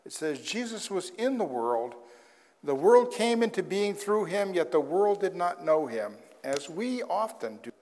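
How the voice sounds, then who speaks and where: A man's voice: high voice, sing-song, unhurried, a little mellow. A man preaching a sermon as pastor in a conversational way, with wry asides. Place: church sanctuary. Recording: long hall reverb.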